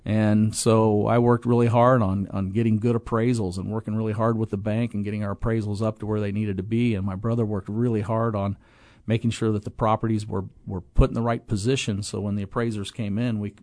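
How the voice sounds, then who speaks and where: A man's voice: on the low side, flat delivery, brisk, hardly any pauses, darkish tone, no room sound, clean studio sound. A middle-aged man being interviewed, telling a long, rambling story about his business, with restarts and acted-out quotes. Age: 20s in 1997, now middle-aged. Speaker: guest, apartment property owner.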